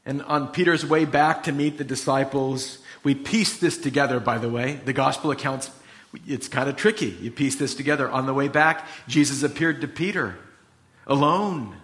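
A man preaching, reading scripture aloud and then retelling the story in a casual, animated way. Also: medium pitch, moderate pace. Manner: animated storytelling, retelling scenes in quoted voices. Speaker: pastor.

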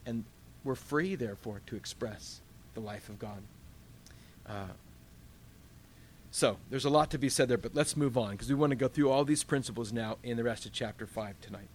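A man's voice: mid-range voice, normal speed, pauses often, darkish tone, a little hiss or hum. A man leading a Bible study in a conversational teaching style. He asks the group questions and acts out his own inner dialogue.

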